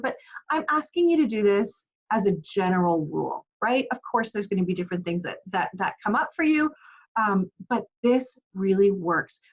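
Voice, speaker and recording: Speaking straight to camera, a parenting coach in her forties offers advice in an earnest, encouraging way, frequently asking rhetorical questions. Her voice is mid-range, though the audio is dull.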